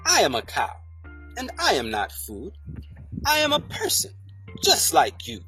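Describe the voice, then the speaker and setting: A reader reading a children's picture book aloud in a slow, sing-song way. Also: medium pitch, wildly swooping pitch, pushed and bright, breathy edge, soft background music. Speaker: storybook reader.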